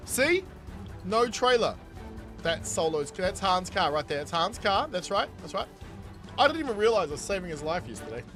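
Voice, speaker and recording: A man's voice: sits high, fairly bright tone. A man, chatting casually with his live-stream viewers as he plays, reading chat aloud and laughing often. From New Zealand. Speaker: game streamer.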